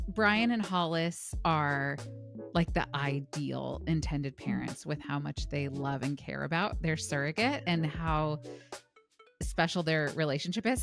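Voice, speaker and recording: Low-voiced chatty woman podcast host. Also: creaky. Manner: chatty, laughing, lots of "like" fillers. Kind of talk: casual chat.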